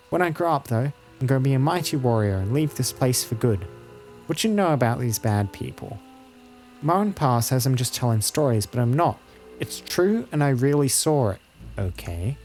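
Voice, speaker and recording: A man's voice: medium pitch, a little mellow, natural voice. A man voicing an earnest, frightened young farm girl in a computer game, pleading to be believed. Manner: pleading, insistent.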